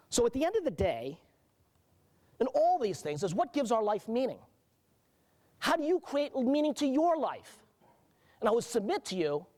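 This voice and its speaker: A middle-aged man from the United States giving a conference keynote, telling stories earnestly with halting restarts. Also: high-pitched, a little mellow. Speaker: agency director giving a keynote.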